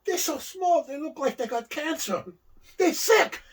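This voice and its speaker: A man voicing a gruff, indignant older male wrestler who makes loud, complaining demands. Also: very high-pitched, lively intonation, measured pace, pitched above the performer's own voice, exaggerated voice.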